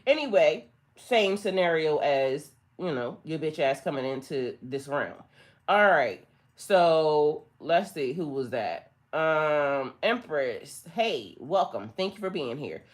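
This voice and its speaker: A woman's voice: sits low, sing-song, slow. A woman giving a casual spiritual reading to her viewers, blunt, sassy and full of profanity, speaking. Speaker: spiritual tarot reader.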